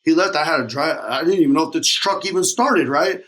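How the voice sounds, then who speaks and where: A man in his thirties, a podcast guest, telling his story in a casual, energetic, rambling way with slang. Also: fairly high pitch, a little fast.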